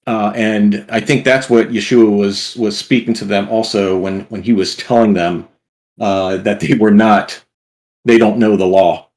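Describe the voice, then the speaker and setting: A man's voice: medium pitch, a little mellow. A man in a casual bible study discussion, explaining his points in short, searching phrases. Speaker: guest commentator.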